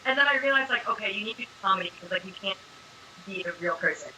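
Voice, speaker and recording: A young woman being interviewed as an actress, chatting casually and telling animated stories full of fillers. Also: medium pitch, fast, a little hiss or hum, low-quality recording.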